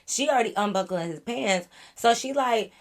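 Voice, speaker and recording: A woman vlogger telling a storytime in a casual, animated, profane and exasperated way. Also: on the high side, moderate pace.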